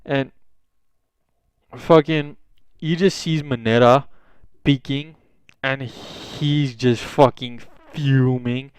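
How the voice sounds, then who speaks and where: A man's voice: mid-range voice, fairly even intonation, takes it slowly, pauses often, clean tone, no room sound. A young man casually improvising a fan fiction story, rambling with lots of swearing and fillers.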